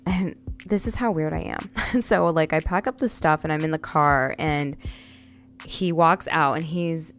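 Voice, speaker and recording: Casting: woman in her thirties with a low voice, casual confessional storyteller who keeps talking straight to viewers, faint music behind. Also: unhurried. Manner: addresses viewers often, repeats lines for emphasis.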